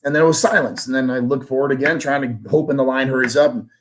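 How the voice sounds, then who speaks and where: Speaking quickly in a mid-range voice, this man is a guest sales trainer in a relaxed interview. He tells a story with lots of energy, acting out the conversation and cursing casually.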